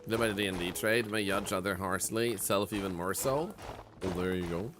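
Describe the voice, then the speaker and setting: Game music runs beneath this low-pitched male streamer as he talks with viewers at an ordinary speed against a noisy backdrop. His live-stream chat is relaxed and thoughtful, crowded with "like" fillers.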